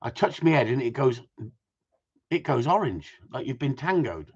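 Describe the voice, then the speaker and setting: A man's voice: mid-range voice, big pitch swings, normal speed, husky. A man, a gundog trainer, chatting casually with viewers outdoors in the cold, reading their comments and joking as he rambles. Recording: muffled lo-fi sound.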